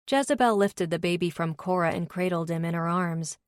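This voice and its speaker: A woman narrating a romance audiobook in first person, steady and even, on a close studio mic. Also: fairly low pitch, fairly quick, few pauses, dry recording.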